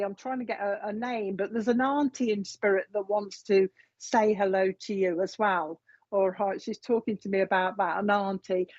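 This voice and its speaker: A woman's voice: mid-range voice, darkish tone, dry recording. A woman giving a live mediumship reading in a chatty, repetitive way. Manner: chatty, repeats messages from spirit. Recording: dull, dry lo-fi sound.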